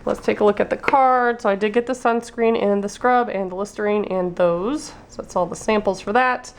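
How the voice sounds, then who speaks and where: A woman's voice: medium pitch, fairly even intonation, moderate pace, a little hiss or hum. A woman vlogger losing her voice, chatting casually through a beauty box unboxing and reading labels aloud.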